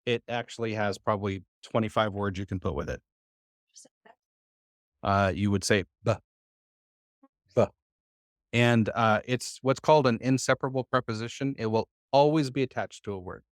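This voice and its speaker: A man's voice: mid-range voice, fairly quick, no room sound, clean studio sound. A man teaching a live Hebrew lesson to a church class, patient and full of "uh" fillers as he quizzes his students.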